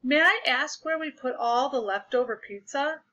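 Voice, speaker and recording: A patient elementary teacher who asks questions in a measured way, as a woman reads him. The voice is high and bright, with a lively lilt. The recording is dull and lo-fi.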